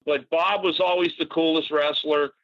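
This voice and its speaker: A man in his sixties from Massachusetts, a podcast guest telling stories in an animated, casual way with swearing and fillers. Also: fairly high pitch, normal speed, no room sound. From Natick, Massachusetts. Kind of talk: casual storytelling. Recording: dull dry podcast audio.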